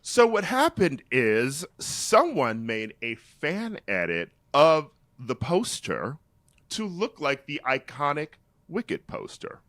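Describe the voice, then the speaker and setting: A man co-hosting a pop-culture podcast, telling a story at an unhurried pace. His pitch rises and falls a lot, and he laughs easily. The sound is dry and close to a studio mic. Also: dry recording. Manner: animated storytelling, reads quotes aloud with mock drama, laughs often. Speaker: podcast co-host. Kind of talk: casual pop-culture chat.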